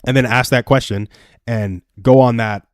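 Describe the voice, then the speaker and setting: A man's voice: mid-range voice, steady tone, moderate pace, no echo, studio quality. A young man hosting a livestream, telling a personal story in earnest, chatty advice talk. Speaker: livestream host. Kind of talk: casual advice chat.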